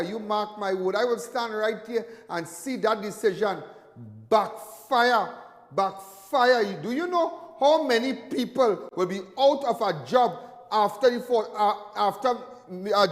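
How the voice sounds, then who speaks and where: A Trinidadian man hosting a live crime call-in show, his voice pitched high and full of emphatic repetition. He sounds middle-aged. The sound carries a long, lingering reverb. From Trinidad and Tobago. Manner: animated, emphatic, repeats phrases for effect.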